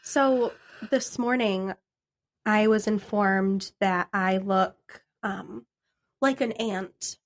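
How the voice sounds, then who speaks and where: A woman's voice: medium pitch, very slow. A woman in her thirties co-hosting a podcast, telling stories in casual chat and laughing often. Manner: laughing, storytelling, swears casually. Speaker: podcast co-host.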